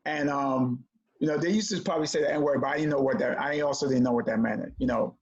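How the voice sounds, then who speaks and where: A man telling a childhood story in a conversation, animated as he acts out the voices of the people in it. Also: mid-range voice, fast talker, gravelly. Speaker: comedian guest. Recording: dull lo-fi audio.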